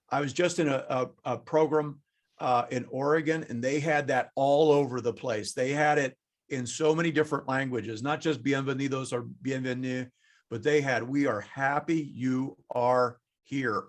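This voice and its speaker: A man's voice: mid-range voice, measured pace. A man presenting a conference session over a video call, joking and chatting with the audience as he goes. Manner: jokey, animated, chatty with the audience. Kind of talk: lively webinar presentation.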